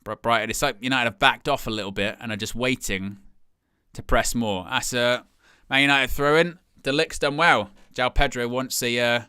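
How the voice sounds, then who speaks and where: A young man hosting a live fan commentary of a match, talking casually and jumping from quiet asides to loud excited shouts. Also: mid-range voice, normal speed, smooth, dry recording, clean studio sound. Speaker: fan watch-along host.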